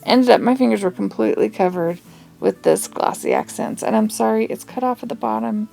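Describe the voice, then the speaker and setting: Chatty woman with a gravelly fry. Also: fairly high pitch, a little fast, mellow, faint music behind. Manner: chatty and rambling, with asides and little laughs. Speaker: craft tutorial host. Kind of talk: casual craft tutorial.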